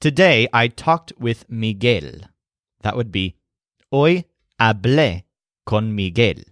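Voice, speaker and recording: A man teaching a language lesson, calmly explaining through scripted mnemonic stories. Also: on the low side, slow pace, no echo, clean studio sound. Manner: calm explanatory storytelling.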